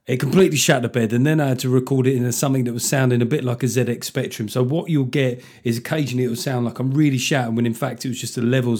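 A man's voice: medium pitch, darkish tone. A man hosting a comedy podcast, riffing sarcastically with frequent swearing and mocking asides, recorded so the levels clip now and then. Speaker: podcast host. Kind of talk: comedic solo podcast rant. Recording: levels topping out, sounds lo-fi.

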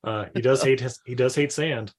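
A man recapping a movie in casual chat, laughing often and quoting scenes in quick voices. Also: medium pitch.

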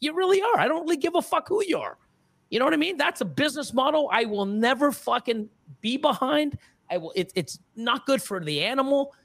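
A man's voice: extremely high pitch, expressive, a little fast, gravelly, a bit bright. Angry, profane middle-aged man ranting. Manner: angry, profane, heated ranting with frequent restarts. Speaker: podcast guest, reptile breeder. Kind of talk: casual podcast rant.

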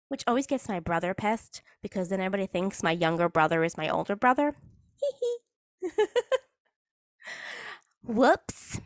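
A woman's voice: on the high side, sing-song, moderate pace, long pauses, dry recording, clean studio sound. A woman chatting casually as a hockey fan vlogger, rambling and poking fun at herself. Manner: chatty, rambling, self-mocking. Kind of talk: casual chat.

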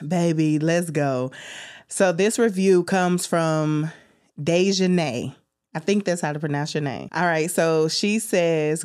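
A woman's voice: slow pace, clear, resonant tone. Woman podcast host, big-sister pep talk. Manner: warm, preachy big-sister encouragement, swooping into high excited bursts. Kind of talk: faith-based self-care podcast talk.

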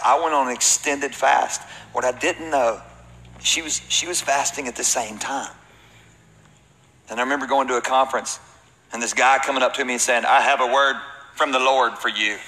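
A man's voice: medium pitch, sharp tone. A man pastoring a church, preaching a sermon to his congregation with emphatic, rising peaks. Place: large hall with congregation. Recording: reverberant hall.

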